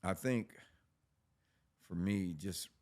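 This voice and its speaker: On a podcast, a male guest casually tells his recovery story, using profanity and street talk and getting animated when quoting others. His voice is low-pitched and very slow.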